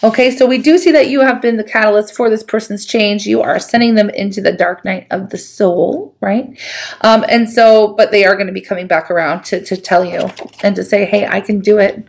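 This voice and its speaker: A woman giving a casual tarot reading to camera, chatty and animated, with many fillers and quick acted asides. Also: mid-range voice, vocal fry. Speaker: tarot reader.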